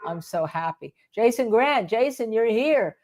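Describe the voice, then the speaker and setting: A woman's voice: fairly high pitch, lively intonation, unhurried, a little mellow. An older woman who is a defense attorney, hosting live legal commentary in a rambling way and repeating points for emphasis.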